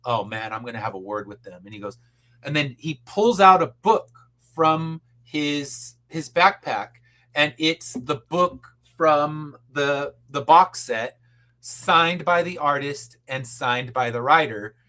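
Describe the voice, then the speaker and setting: A man's voice: a little high, slow, bright, forceful tone. A middle-aged man, a podcast guest, telling a story in casual chat and acting out the people he quotes, with casual swearing.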